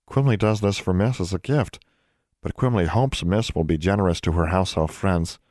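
A man voicing a timid male elf servant who whispers softly and speaks of himself in the third person. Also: deep voice, moderate pace, no echo, studio quality, close to an everyday voice. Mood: solemn. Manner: soft hushed third-person speech.

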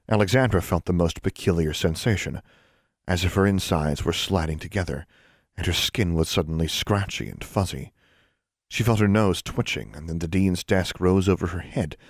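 A man with a very low, deep voice reads a story aloud in a measured, steady way. The sound is dry and close, with no room around it. It suits a calm audiobook narration. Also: no echo. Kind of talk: scripted narration.

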